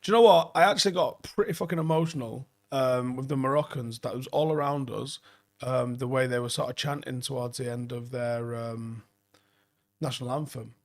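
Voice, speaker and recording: A man in his forties talks through a late-night football live stream, rambling from one viewer comment to the next. He swears often and sounds enthusiastic. His voice is gravelly and sits at a middling pitch. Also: fairly even intonation, normal speed.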